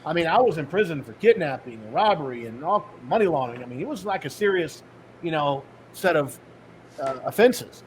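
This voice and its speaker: A middle-aged man, a guest on a podcast, telling his life story with animated storytelling and acting out the dialogue. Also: a little high, fairly quick, a little hiss or hum, low-quality recording. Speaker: podcast guest, author and speaker.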